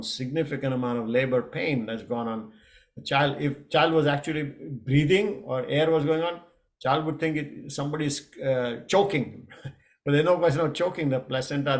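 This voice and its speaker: Middle-aged male yoga coach, mid pitch, casual explainer, stumbles and restarts, chuckles easily. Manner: halting, many restarts and fillers, chuckles often. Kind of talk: casual spoken lesson.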